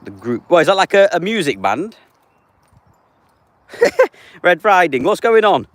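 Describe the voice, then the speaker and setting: A man's voice: high-pitched, sing-song, measured pace, dry recording. A man, chatting casually on a live stream and answering viewers by name. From England. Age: 30s. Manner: reads out viewer names and answers them offhand.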